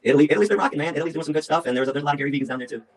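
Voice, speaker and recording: Fast-talking animated man in his fifties. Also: a little high, poor audio. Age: 50s. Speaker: activist speaker. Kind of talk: animated storytelling in an interview.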